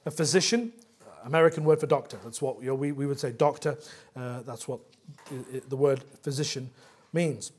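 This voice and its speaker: A man's voice: mid-range voice, brisk, darkish tone, breathy edge. A man preaching a sermon as pastor, explaining scripture verse by verse with earnest emphasis.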